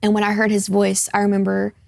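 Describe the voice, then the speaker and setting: Gravelly young woman sharing a testimony. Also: medium pitch, completely flat delivery, fast, a little mellow, no echo, studio quality. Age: 20s. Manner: earnest, casual, with frequent fillers. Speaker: guest. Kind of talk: personal testimony in a studio interview.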